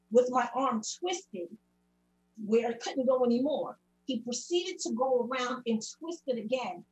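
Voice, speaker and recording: A woman's voice: on the high side, low-quality recording. A woman speaking at a public comment session, earnestly recounting a personal experience in detail and often quoting what was said. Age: adult parent. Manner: earnest, recounting events in detail with many quotes. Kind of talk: personal testimony at a public meeting.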